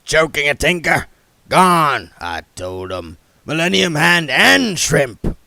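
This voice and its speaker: A man voicing a foul-mouthed old beggar who rants loudly and makes little sense. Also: on the high side, sing-song, takes it slowly, vocal fry, no room sound, pitched above the performer's own voice, exaggerated voice. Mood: ranting. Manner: loud, ranting, nonsensical.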